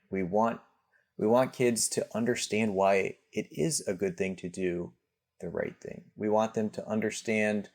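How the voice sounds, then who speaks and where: A man speaking as a podcast guest, explaining parenting ideas in a relaxed conversational way with frequent fillers and restarts. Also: deep voice. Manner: hesitant, many restarts and fillers.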